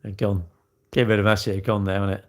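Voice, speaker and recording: A man's voice: fairly low pitch, little pitch movement, fast. Rambling man hosting a livestream. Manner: rambling, repetitive, blunt, chatty. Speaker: livestream host. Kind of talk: casual chat to live viewers.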